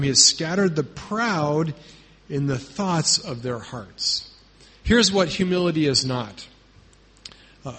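This male pastor's voice is a little high and somewhat bright, with a breathy edge. His sermon feels like a conversation, full of "right?" check-ins, and he delivers quotes emphatically in a raised voice.

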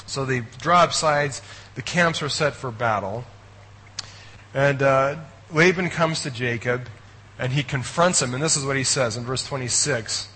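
Conversational pastor with bright tone. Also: male voice, mid-range voice, measured pace, slightly rough, rough recording. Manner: conversational, keeps checking in with listeners, wry asides. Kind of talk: sermon.

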